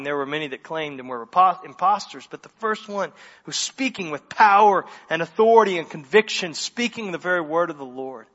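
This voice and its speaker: A man preaching a sermon as pastor, emphatic and animated, with conversational asides to his congregation. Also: on the high side. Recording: muffled sound in a reverberant hall.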